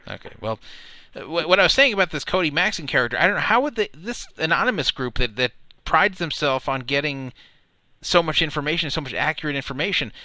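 A man's voice: a little high, animated, fast, sharp tone, no room sound. A man hosting a casual talk show, stammering and cautious as he talks things through. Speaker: podcast host.

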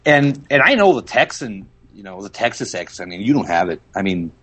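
A man's voice: on the low side, sing-song, a little fast, fairly bright tone. Agreeable man with a light Mexican accent. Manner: agreeable, hesitant, repeats himself. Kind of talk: casual chat.

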